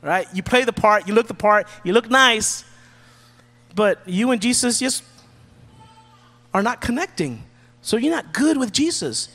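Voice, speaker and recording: A man preaching a sermon from the pulpit in a relaxed, joking, conversational way. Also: high-pitched, a little slow, long pauses, big-room sound, faint music behind. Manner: casual, joking preacher who acts out quotes. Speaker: pastor.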